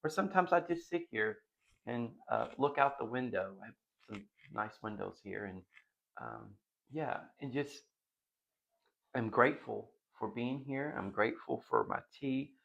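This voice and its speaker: Middle-aged male vlog host, gravelly voice, rambling and giggly, dull lo-fi home recording. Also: mid-range voice. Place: dining room at home.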